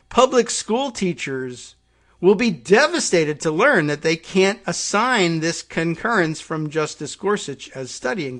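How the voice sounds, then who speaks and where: A man's voice: a little high, a bit bright. A man hosting a political talk podcast, delivering a sarcastic commentary monologue and reading from posts. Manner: sarcastic, mocks opponents with put-on quotes. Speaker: podcast host.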